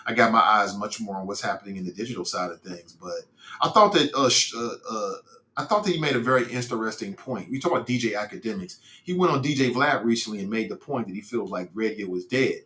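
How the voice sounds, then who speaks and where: A man's voice: lowish voice, lively intonation, fast talker, sharp tone, reverberant. A middle-aged man from Cincinnati hosting a casual podcast stream, reading viewer comments aloud in a loose, rambling way with slang and restarts. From Cincinnati, United States. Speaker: podcast host reading live chat. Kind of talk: casual livestream talk.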